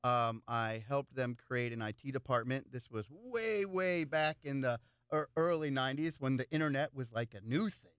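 A man seeking local office talks at a moderate pace in a clean, mid-range voice, with few pauses. His casual interview storytelling is animated and full of repeated words, recorded cleanly in a studio with no echo.

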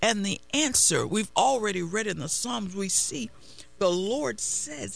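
Woman preaching real slow, gravelly fry in her voice, keeps repeating lines. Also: mid-range voice, lively intonation. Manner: slow, deliberate, repeats phrases for emphasis. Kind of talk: devotional sermon with scripture reading.

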